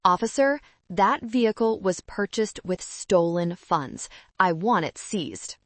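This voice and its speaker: A woman's voice: medium pitch, expressive, takes it slowly, dry recording. A woman voicing a cold, clipped real estate mogul giving orders. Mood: furious. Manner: clipped, commanding. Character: stiff, furious female real estate mogul.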